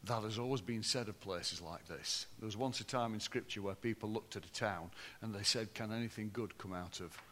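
A man preaching a sermon to a congregation, swinging between loud, lively passages and low, hushed ones. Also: normal speed, hardly any pauses, slight background noise. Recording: long hall reverb.

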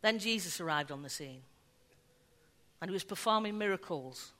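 A woman preaching a sermon, telling the story in an animated way and acting out the voices of the people in it. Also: fairly low pitch, normal speed. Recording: long hall reverb.

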